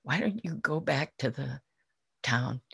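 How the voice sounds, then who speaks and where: Great Joy, a woman doing a gentle patient ox. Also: very deep voice, expressive, unhurried, gravelly, breathy edge, no echo, full character voice. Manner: gentle, reproachful questioning. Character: patient, generous male ox.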